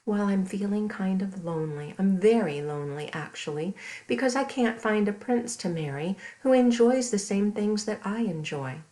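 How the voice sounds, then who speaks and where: A woman voicing a lonely, polite young princess in a storybook read aloud for children, speaking gently and courteously. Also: mid-range voice, expressive, normal speed, natural voice, low-quality recording.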